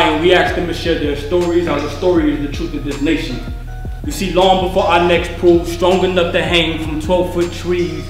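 A man giving a guest talk as a spoken word poem, reciting with rhythmic emphasis. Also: a little high. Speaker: guest speaker. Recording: echoey room with faint music.

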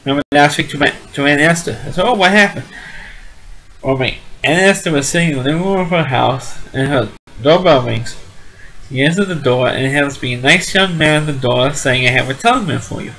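A man's voice: fairly high pitch, fairly quick, fairly bright tone, low-quality recording. A man with a nasal voice casually reviewing a sitcom, rambling with frequent restarts and repeated words. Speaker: TV show reviewer.

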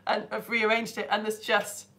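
This young woman from the UK teaches online and chats with her live-stream audience, bubbly and often laughing as she welcomes people by name. Her mid-range voice is monotone, pushed, and bright, moving at a moderate pace.

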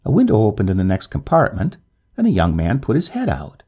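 A man narrating a classic tale in an expressive, swooping storybook delivery. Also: lowish voice, fairly quick, breathy edge.

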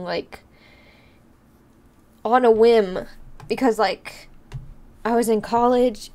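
A woman's voice: on the high side, darkish tone. A young woman streamer in her twenties chatting casually, teary and laughing, rambling with many fillers. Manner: emotional, laughing through tears, rambling with fillers. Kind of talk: casual live-stream chat.

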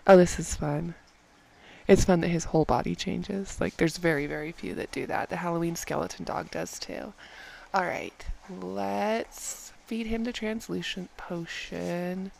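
Excitable woman with a gravelly edge. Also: on the low side, measured pace, slight background noise. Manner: excitable, repeats phrases, often drops to a whisper. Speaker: game vlogger. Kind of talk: excited gameplay commentary. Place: home room at night, others asleep.

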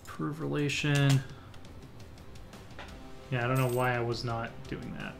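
A man narrates his own strategy game session in a casual, offhand way. He thinks out loud, restarts his sentences and mutters plans as he goes. His voice sits at an ordinary middle pitch, with faint music playing behind him. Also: steady tone, measured pace, creaky. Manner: thinks aloud while clicking through menus, muttering half-finished plans. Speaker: let's play host. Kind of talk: casual gameplay commentary.

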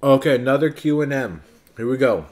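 A man in his thirties hosting a family vlog, chatting gently and patiently with his child between bites of food. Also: mid-range voice, lively intonation, fairly quick. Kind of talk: casual family chat while eating.

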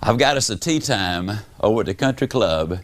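A man voicing a relaxed, chummy male friend calling about golf. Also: lowish voice, moderate pace, voice pushed down, lightly acted. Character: easygoing male golf buddy on the phone.

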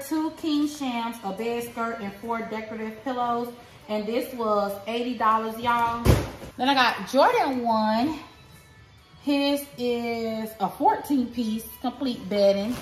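In a slightly high voice, a woman vlogger takes it slowly while showing off her shopping haul from home, with faint music behind her. She's chatty, talks directly to viewers with lots of "y'all," and the recording has a roomy echo.

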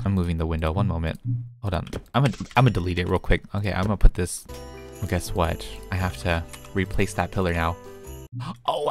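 Brief: young male game vlogger, low-set voice, chatty and excitable, faint music behind. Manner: chatty and excitable, with gasps and squeals. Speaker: game building video creator. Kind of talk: casual gameplay commentary.

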